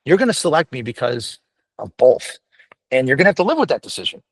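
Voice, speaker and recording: A firefighter paramedic from the US talks at a quick pace in a mid-range, very animated voice, with no room sound. He's a guest on a casual podcast interview, where he rambles, restarts a lot, and speaks bluntly with plenty of profanity.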